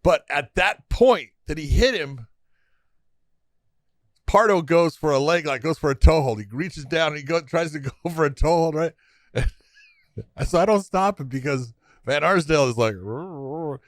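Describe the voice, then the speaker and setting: A man's voice: a little high, expressive, normal speed, pauses often, dry recording. Emphatic man on a podcast. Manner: emphatic, agrees often, laughs. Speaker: podcast co-host, trainer. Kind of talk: casual chat.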